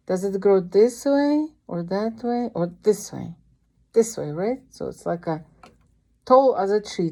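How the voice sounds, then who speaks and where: A woman's voice: fairly low pitch, dark tone. A Russian-accented woman teaching piano to a young child, encouraging her with vivid imagery and sing-song cues.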